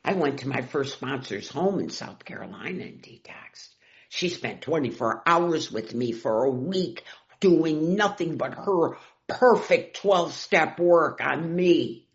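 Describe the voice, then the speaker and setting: A middle-aged woman tells her recovery story at a meeting, her voice gravelly and slow-paced, dropping to whispers and rising to loud cries. The recording is dull and lo-fi. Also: low voice. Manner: emotional, swings from loud to whispered. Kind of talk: personal recovery share.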